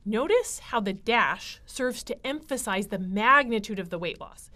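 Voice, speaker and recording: A woman giving a writing lecture, explaining clearly with frequent fillers. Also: mid-range voice, lively intonation, unhurried, sharp tone. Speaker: writing instructor.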